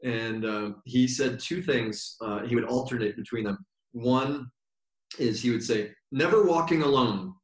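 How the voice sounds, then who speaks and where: A man's voice: medium pitch, fairly even intonation. Reflective man in a roomy space. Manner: reflective, meandering, slows down for emphasis. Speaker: yoga teacher, podcast guest. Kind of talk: relaxed storytelling interview. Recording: roomy echo.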